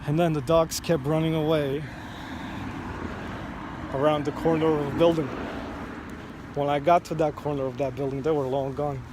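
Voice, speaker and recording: A man telling a personal story in a slow, reflective vlog, recorded outdoors near a street. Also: fairly high pitch, little pitch movement, background noise. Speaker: vlogger.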